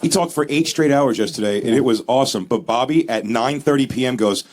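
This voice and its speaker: A man co-hosting a podcast, telling animated anecdotes in casual banter. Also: medium pitch, a little fast, background noise. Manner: animated anecdotes with put-on quoted voices. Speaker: podcast co-host.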